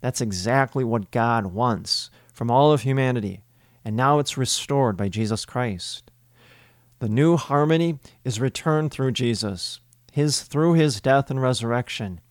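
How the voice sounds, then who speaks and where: A man giving a homily as a priest, speaking in a measured, emphatic way with deliberate pauses. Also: mid-range voice, dry recording, studio quality.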